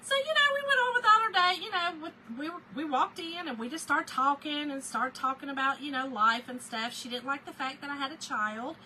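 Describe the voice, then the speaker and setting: High-voiced chatty Southern woman. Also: brisk, hardly any pauses, a little hiss or hum, poor audio. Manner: chatty and animated, laughs often, talks to viewers. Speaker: craft livestream host. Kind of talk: casual storytelling while crafting.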